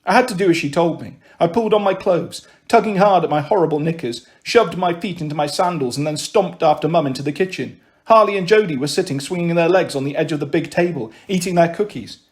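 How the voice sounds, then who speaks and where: A man narrating a children's novel in steady, clear storytelling. His voice sits high for a man. The reading is paced evenly. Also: fast talker, hardly any pauses. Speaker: audiobook reader.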